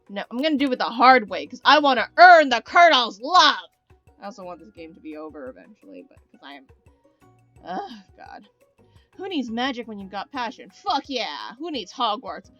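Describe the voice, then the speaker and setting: A woman with a medium-pitched voice does let's play commentary, reading the game's text aloud with dramatic flair and tossing in sardonic, profane asides. The recording is slightly dull with no echo and faint music underneath.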